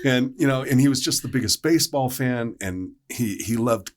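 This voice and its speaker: A man's voice: mid-range voice, moderate pace. A man who is a paramedic, telling a story on a podcast panel, rambling with lots of fillers and restarts.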